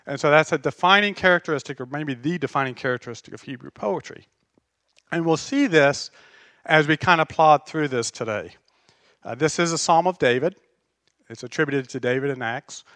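A man preaching a sermon as pastor, conversational and animated, telling stories with self-deprecating humor. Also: a little high, fairly quick, dry recording.

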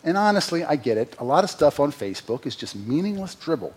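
A man's voice: a little high, very animated, normal speed, a little mellow, a little hiss or hum. A man preaching a sermon as pastor, earnest, with sarcastic asides and emphatic rises.

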